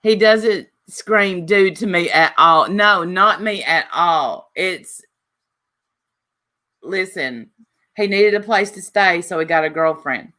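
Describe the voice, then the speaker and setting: A woman's voice: lowish voice, takes it slowly, bright, forceful tone. A woman streamer in a casual, teasing chat, laughing often and trash-talking.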